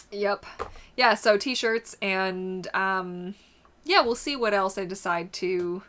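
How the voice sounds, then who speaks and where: A woman's voice: medium pitch, slow pace, a bit bright, slight background noise. Casual female livestream host, chatty, reads out and answers viewer comments.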